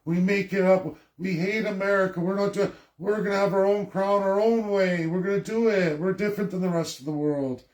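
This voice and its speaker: Guy mocking a whiny entitled complainer, high sing-song whine, echoey room. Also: fairly even intonation, fairly quick, few pauses, close to an everyday voice. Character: whiny entitled male complainer, self-pitying.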